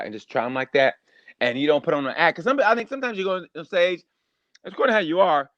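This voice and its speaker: A man, a stand-up comedian, telling stories in a rambling, animated way during a casual podcast chat. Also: a little high, fast, no echo, dull audio. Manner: animated, rambling storyteller, acts out voices.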